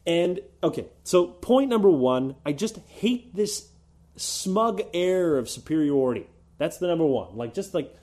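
A man's voice: fairly high pitch, very animated, moderate pace, a little mellow. A man co-hosting a podcast, ranting in a casual, sarcastic way, swearing freely and mocking others in put-on voices. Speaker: podcast co-host. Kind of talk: casual opinion rant.

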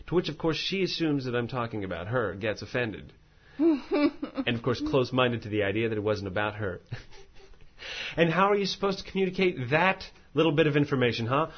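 A podcast host chats casually and reads listener mail aloud, rambling, poking fun at himself, and often stumbling over words. His medium-pitched voice swings widely in pitch, moves a little fast, and comes through a muffled recording.

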